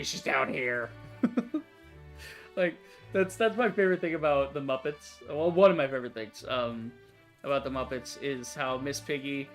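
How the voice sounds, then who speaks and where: Woman gamer swearing through casual commentary. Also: low voice. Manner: casual, swearing, laughs often. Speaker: gaming channel host. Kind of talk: let's play commentary.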